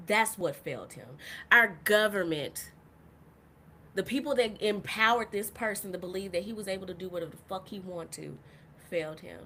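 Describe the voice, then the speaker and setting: A woman hosting a live podcast stream, talking in a heated, profane monologue that swings from soft to loud. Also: medium pitch, normal speed, slight background noise. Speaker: podcast host.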